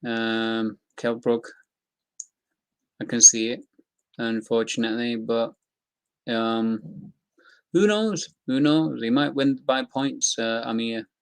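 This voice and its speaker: A young man rambles through fight news in a loose, chatty way, full of slang and filler words. His voice sits at an ordinary middle pitch. It is recorded close and dry, with almost no room sound. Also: little pitch movement, takes it slowly, pauses often, clear, resonant tone, no echo. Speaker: MMA news commentator. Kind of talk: casual commentary reacting to news.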